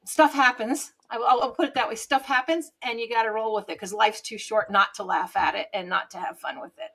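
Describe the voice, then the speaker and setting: A woman guest on an interview show, telling lively stories, often laughing and acting out quoted dialogue, heard through a webcam microphone. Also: medium pitch, fast, gravelly, breathy edge. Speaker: guest, TV show host and business owner. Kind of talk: casual interview storytelling.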